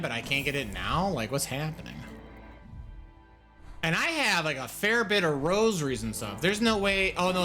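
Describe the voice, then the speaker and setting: A young man chatting casually while streaming a game live, reacting aloud to what happens and to his chat. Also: a little high.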